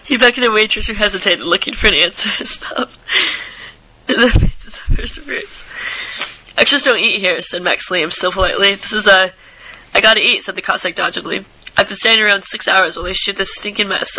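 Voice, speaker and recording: A man reads a short story aloud with a high, gravelly voice. He stumbles over words and starts lines again, now and then dropping into quiet asides. His tone is very bright and edgy. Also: a little fast, low-quality recording. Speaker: reader.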